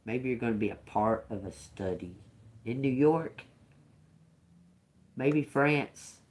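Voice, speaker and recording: A woman's voice: rumbling low, animated, slow pace, darkish tone. A woman giving a casual livestream tarot reading to her viewers, chatty, laughing often and swearing freely. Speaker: tarot reader.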